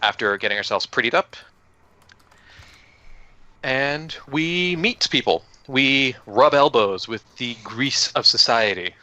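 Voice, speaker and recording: A man with a bright, forceful voice runs through last session's events for his tabletop group in a loose, joking way, cursing here and there. The sound is dry and a little dull, like a lo-fi recording. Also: mid-range voice, expressive, slow, no echo. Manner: loose and joking, with swearing and laughs. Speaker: player recapping the last session. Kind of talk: casual recap of a tabletop game. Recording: dull lo-fi audio.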